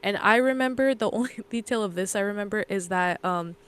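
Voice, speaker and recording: A woman's voice: medium pitch, a little fast, a bit bright, smooth. A woman co-hosting a podcast, casually retelling a story in a loose, rambling way with fillers and self-corrections. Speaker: podcast co-host.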